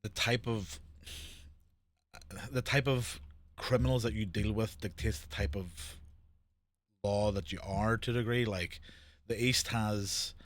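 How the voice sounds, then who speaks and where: A man hosting a casual podcast chat, blunt and animated, swearing freely as he tells stories. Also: on the low side, a little slow, long pauses, no echo. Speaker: podcast host.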